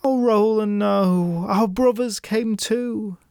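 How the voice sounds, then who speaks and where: A man's voice: high-pitched, big pitch swings, unhurried, mellow, no echo, studio quality, voice pushed up, full character voice. A man voicing a sorrowful young woman held captive by elves, pleading and tearful.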